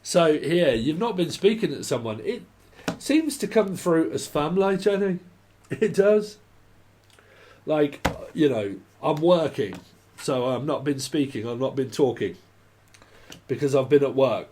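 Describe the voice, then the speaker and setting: A man's voice: on the high side, lively intonation, measured pace, a little mellow, a little hiss or hum. A man giving a casual, rambling tarot reading, often swearing and laughing. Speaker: tarot reader.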